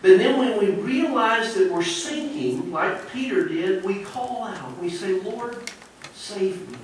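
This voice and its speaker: A man delivers a sermon in an earnest, conversational way, often turning to his listeners with questions. His voice sits a little high and comes from some distance off the microphone. It rings through a very echoey church with a faint hiss behind it. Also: expressive, takes it slowly. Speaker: preacher. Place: church sanctuary.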